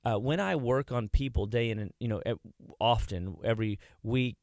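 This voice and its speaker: A man who works at a health clinic is a guest on a radio show, recorded with clean, dry studio sound. His medium-pitched voice is gravelly and a little mellow at a normal speed as he tells rambling anecdotes in casual chat, restarting often.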